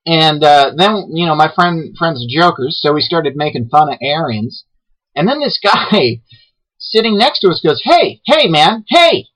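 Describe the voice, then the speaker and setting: A man hosting his own web show, delivering a rambling deadpan comic monologue full of restarts and hesitations. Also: on the high side, moderate pace, poor audio.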